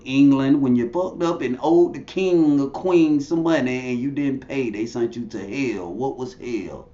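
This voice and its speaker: A man's voice: medium pitch, a little slow, mellow. A man talks bluntly and profanely as an interview guest, preaching his views in casual storytelling. The room is echoey. The audio sounds a little dull.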